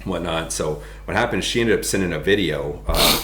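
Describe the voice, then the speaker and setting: Brief: man in his thirties, very low voice, animated storyteller who laughs along, echoey room. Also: moderate pace, background noise. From United States. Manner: animated, laughs as he tells stories. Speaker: podcast guest. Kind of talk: casual storytelling. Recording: roomy echo.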